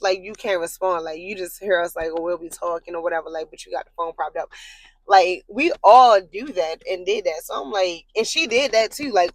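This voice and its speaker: A woman's voice: dry recording, rough recording. Rambling, swearing woman telling a story. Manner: rambling, full of "like" fillers, blunt with swearing; animated, jumps high in pitch when worked up. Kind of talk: casual storytime monologue.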